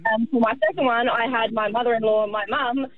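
A woman's voice: fairly high pitch, steady tone, fairly quick. A cheerful woman calling in to a radio show. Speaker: caller. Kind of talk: phone-in chat. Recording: tinny phone line with crowd.

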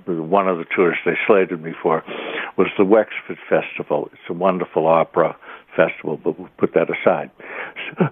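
A man with a Boston accent calling in to a radio show, telling a story in a rambling, halting way full of fillers. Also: low voice, dry recording. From Boston area, US. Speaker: caller. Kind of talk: phone-in storytelling. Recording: tinny phone line.

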